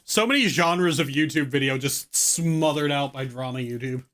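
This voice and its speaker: A man's voice: medium pitch, normal speed, a bit bright. A man casually commenting on an old video, rambling and laid-back, with swearing. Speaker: streamer.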